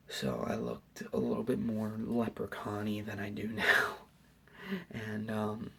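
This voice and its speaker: A young man giving a soft, hesitant, whispered ASMR Q&A at home late at night, rambling with lots of fillers. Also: mid-range voice, creaky, slightly rough. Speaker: YouTuber answering questions.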